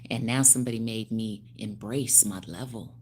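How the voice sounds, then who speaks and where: A woman in her fifties, a hairstylist speaking on a phone livestream, animated and preachy with frequent laughs. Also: rumbling low, normal speed, breathy edge. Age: 50s. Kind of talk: casual livestream talk.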